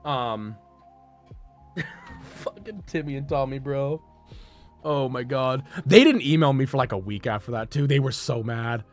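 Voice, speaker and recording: A man's voice: medium pitch, measured pace, long pauses, faint music behind. A young man streaming, telling a work story in a rambling, profane way, with frequent laughs and restarts.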